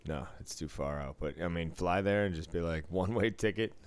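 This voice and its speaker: A man's voice: sits low, a little fast, clear, resonant tone. A middle-aged man, a casino dealer, chatting casually and telling a profane work story, acting out both sides of an argument. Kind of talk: casual podcast chat.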